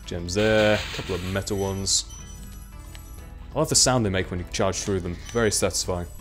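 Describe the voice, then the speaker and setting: Young guy as a let's play commentator, chatty and rambling, lowish voice, faint game music behind. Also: steady tone, moderate pace. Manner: chatty, rambling, self-mocking. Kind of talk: casual gameplay commentary.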